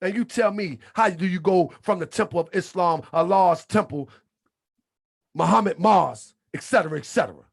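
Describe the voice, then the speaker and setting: A man hosting his channel, preaching in a fiery monologue with shouted, repeated lines and colloquial talk, a little under the weather. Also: sits high, moderate pace, creaky, husky. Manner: colloquial, drops into muttered asides. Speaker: channel host.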